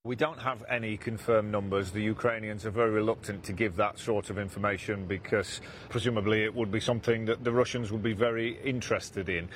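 A man's voice: lowish voice, a bit bright, a little hiss or hum. A man reporting as a foreign correspondent, explaining events in a matter-of-fact way. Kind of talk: news report.

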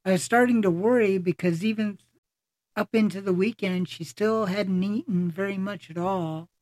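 A podcast host in casual conversation, voice sitting at a middle pitch. The delivery is halting and full of fillers and self-corrections, recorded dry with no room sound. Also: darkish tone, dry recording. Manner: halting, many fillers and restarts.

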